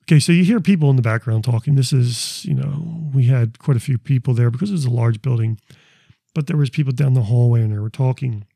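A man with a gravelly, rough edge to his voice talks through his recordings in a loose, rambling way, often repeating words and restarting his sentences. His tone is dark and mellow. The sound is dry and close, with no room around it. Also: medium pitch, fast, dry recording. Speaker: paranormal investigator presenting recordings. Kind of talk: casual explanatory talk.

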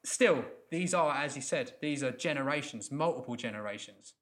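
A man in a casual chat, halting and searching for his words. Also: medium pitch, lively intonation, a crowd in the background.

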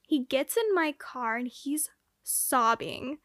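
Young woman, high voice, dry close sound, casual storytelling, lots of "like", swearing. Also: takes it slowly, no room sound. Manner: animated, heavy use of "like", swears freely.

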